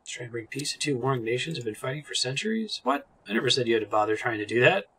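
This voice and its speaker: A man's voice: mid-range voice, lively intonation, fast talker, sharp tone. A man voicing a rude, mocking male sailor while reading game dialogue aloud. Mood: scornful.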